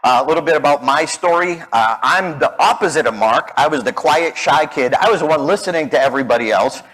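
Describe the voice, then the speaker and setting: Animated man telling stories. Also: fairly high pitch, a little fast, slightly rough, rough recording. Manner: animated, acts out quoted voices. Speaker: public speaking coach. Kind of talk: storytelling keynote talk.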